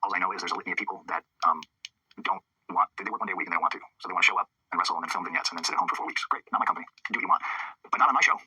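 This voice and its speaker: Rapid-fire, low-voiced man telling stories. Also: flat delivery, sharp tone, husky, no echo, rough recording. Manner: rapid, profane, acts out past conversations. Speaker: interview guest. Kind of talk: candid storytelling interview.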